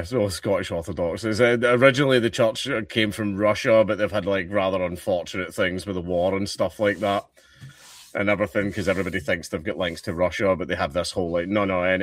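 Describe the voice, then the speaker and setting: Glaswegian guy, lowish voice, rambly and sweary, sounds a bit far off the mic in a dry room. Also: fairly bright tone, dry recording. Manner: sweary, rambling, filler-heavy. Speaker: guest. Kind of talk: casual chat.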